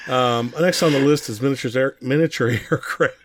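A man's voice: medium pitch, normal speed, very noisy. A man on a casual hobby podcast, reading a list aloud and stumbling with self-mocking apologies. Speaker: podcast co-host.

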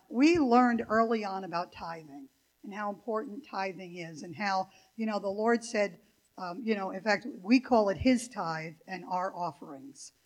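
Heard on a rough recording, an older woman with a mid-range voice preaches as a guest in a church sanctuary. She's talkative and prone to tangents, with lots of fillers and asides.

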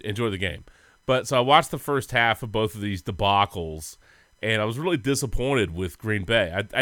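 Bright-voiced man telling rambling sports stories. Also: fairly low pitch, no echo. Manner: rambling storyteller, laughs often, goofy. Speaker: podcast co-host. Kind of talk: casual sports chat.

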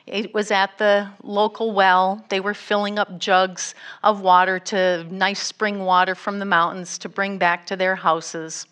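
Slow, earnest woman preaching a story. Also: mid-range voice, little pitch movement, fairly bright tone, smooth. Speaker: guest missionary speaker. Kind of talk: sermon storytelling.

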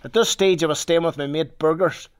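A man's voice: a little high, fairly even intonation, a little fast, clear, resonant tone. A man with a Northern Irish accent telling a rambling personal story in casual talk, swearing freely. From Northern Ireland.

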